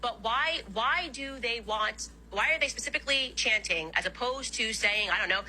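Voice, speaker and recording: Woman, debate, argumentative and questioning, very bright sharp tone, faint hum. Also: fairly high pitch, normal speed, rough recording. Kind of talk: debate interview.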